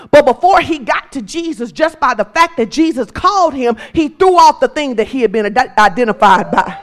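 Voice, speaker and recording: A woman pastor preaching a sermon in a church, impassioned and repetitive, rising to shouts. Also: high voice.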